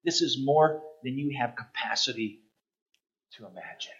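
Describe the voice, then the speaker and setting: A man preaching a sermon, animated and emphatic, with repeated punchy phrases. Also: mid-range voice, normal speed, husky, no room sound, highs cut off. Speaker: pastor.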